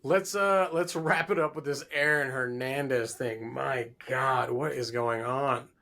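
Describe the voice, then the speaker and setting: A man's voice: medium pitch, steady tone, measured pace, sharp tone. A man co-hosting a podcast, chatting casually, asking questions and making wry jokes. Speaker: podcast co-host. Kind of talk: casual chat.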